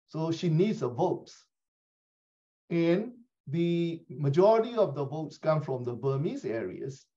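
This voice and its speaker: A man speaking in an online meeting discussion, halting and often repeating "you know, say". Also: mid-range voice, warm tone. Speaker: meeting participant. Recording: dull lo-fi audio.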